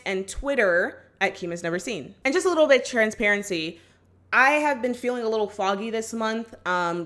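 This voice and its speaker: A woman's voice: mid-range voice, fairly bright tone. A woman vlogger chatting casually through a movie recap, with lots of "like" and "just like". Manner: chatty, full of "like" and "just like", acts out quotes.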